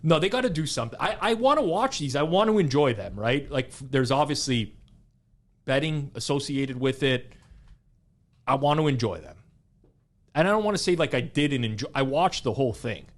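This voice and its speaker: This is a young adult man co-hosting a casual podcast chat, with a voice pitched in the ordinary middle for a man. He gets animated and rambles, running sentences together and leaning on "like" as he goes. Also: normal speed. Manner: animated, rambling, heavy use of "like". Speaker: podcast co-host.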